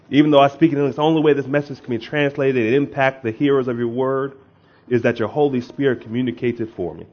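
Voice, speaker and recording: A man preaching as a pastor, speaking in a conversational way that rises into emphatic bursts, praying and reading scripture aloud. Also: mid-range voice. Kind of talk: sermon with prayer and scripture reading. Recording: dull lo-fi sound.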